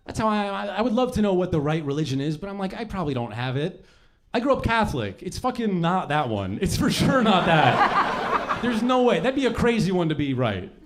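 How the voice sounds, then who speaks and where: Animated young man doing stand-up. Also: sits high, brisk. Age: young adult. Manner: animated, profane, bursts into shouted bits. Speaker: stand-up comedian. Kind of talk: stand-up comedy set. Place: comedy club stage. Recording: noisy live club recording. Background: audience laughter.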